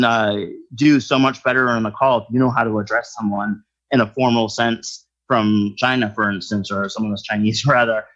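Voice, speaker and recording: A man's voice: on the low side, a bit bright, muffled recording. A man talking as a guest in a casual interview, explaining his work in a thinking-aloud way. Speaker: skip tracer guest.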